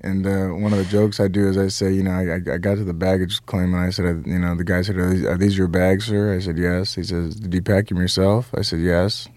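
Low-voiced man, deadpan jokes. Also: a little fast, few pauses, no echo. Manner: deadpan joke delivery, laughs at own lines. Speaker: comedian guest. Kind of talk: radio interview conversation.

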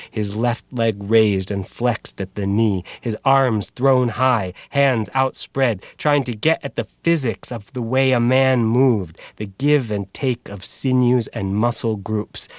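A male author reading narration from his novel in a steady literary manner. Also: mid-range voice, no echo. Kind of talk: audiobook reading.

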